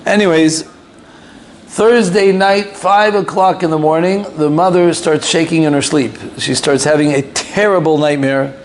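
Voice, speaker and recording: Animated male rabbi telling a story. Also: on the high side, measured pace, a little hiss or hum. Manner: animated storyteller, loose, with fillers and asides. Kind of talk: storytelling lesson.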